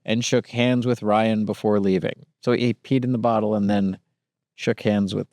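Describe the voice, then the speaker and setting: A man's voice: lowish voice, fairly even intonation, normal speed, a little mellow, no room sound. Man dryly reading odd news stories. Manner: dry, jokey storytelling. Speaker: podcast co-host. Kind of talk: casual comedic chat, reading news stories.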